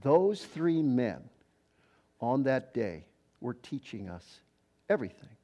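A man's voice: mid-range voice, big pitch swings, takes it slowly, mellow, highs cut off. An older retired man preaching a sermon in a conversational, storytelling way. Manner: conversational storytelling preacher, quoting others in voices. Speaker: pastor.

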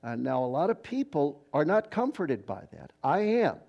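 Retired male pastor, folksy storytelling sermon, warm and a touch high-pitched. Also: huge pitch swings, moderate pace, creaky, highs cut off. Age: older. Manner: conversational storytelling preacher, quoting others in voices.

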